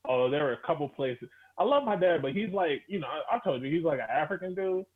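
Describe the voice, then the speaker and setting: Young texas guy rambling and cussing on a podcast, kinda high voice, sounds like it's coming through a phone. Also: expressive, fast, slightly rough, narrow, tinny audio. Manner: rambling, loose, swears freely, many fillers. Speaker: podcast co-host. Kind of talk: casual chat.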